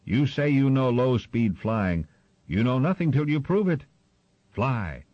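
A man's voice: fairly low pitch, big pitch swings, unhurried, breathy edge, no echo, heavily acted. A man voicing a wise male gull teacher who speaks in a firm, earnest, encouraging way, on a slightly muffled recording. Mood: demanding.

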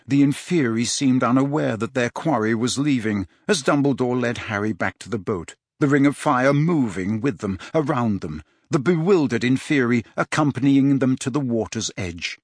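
This is an audiobook narrator, a man delivering scripted narration in a steady, measured storytelling voice. His pitch is medium, and the clean studio recording has no echo.

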